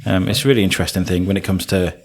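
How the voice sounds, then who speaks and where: A man's voice: sits low, steady tone, racing. A man from England hosting a podcast, chatting in a hesitant, conversational way with many fillers. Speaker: podcast host. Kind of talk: casual chat.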